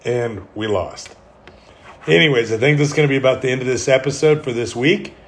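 A man's voice: mid-range voice, a little fast. A middle-aged man hosting a solo podcast, talking candidly in a rambling way with self-deprecating humor. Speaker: podcast host.

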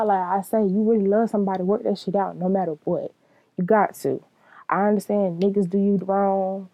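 A woman's voice: mid-range voice, no room sound, muffled recording. A young woman giving a blunt, profane, casual monologue, laughing often.

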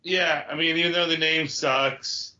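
Easygoing male podcast co-host, bright, sharp voice, lo-fi sound. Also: on the high side, steady tone, unhurried. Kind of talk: casual chat. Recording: dull lo-fi audio.

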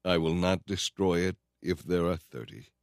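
A man voicing the Lord as a calm, measured divine judge in a storybook reading. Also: low-pitched, no echo, clean studio sound. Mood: solemn.

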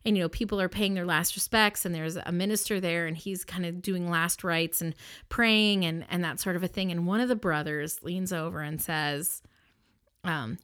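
A woman hosting a podcast, telling a personal story in an expressive, emphatic way into her own microphone, often laughing and restarting her sentences. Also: fairly low pitch, moderate pace. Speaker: podcast host.

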